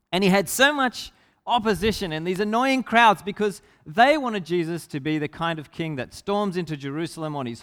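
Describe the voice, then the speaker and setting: A man preaching a sermon, retelling a Bible story with lively energy and shouting out the lines of its characters. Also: sits high, big-room sound.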